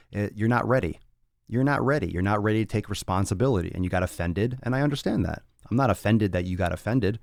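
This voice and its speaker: A man's voice: fairly low pitch, gravelly, darkish tone, dry recording, studio quality. Blunt, profane male fitness podcaster. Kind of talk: casual podcast rant.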